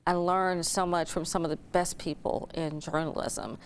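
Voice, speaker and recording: A woman from Alabama with a Southern accent, a former TV news anchor talking in a casual interview, warm and talkative. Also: fairly low pitch, fairly even intonation, moderate pace, slight background noise. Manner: warm, talkative, laughs easily.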